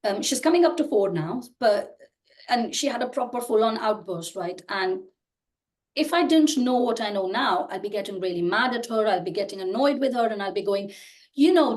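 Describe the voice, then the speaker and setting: A woman's voice: mid-range voice, expressive, moderate pace, a little mellow. A woman in her thirties, a podcast guest, explaining earnestly in casual conversation, often restarting her sentences. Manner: earnest, explains with many restarts and "you know". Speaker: podcast guest, personal growth creator.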